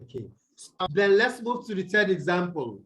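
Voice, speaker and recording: A man's voice: high voice, very animated, moderate pace, a bit bright, poor audio. A Nigerian man teaching English over a video call, repeating points and quizzing his students with "what?" prompts. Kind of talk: online tutorial lecture.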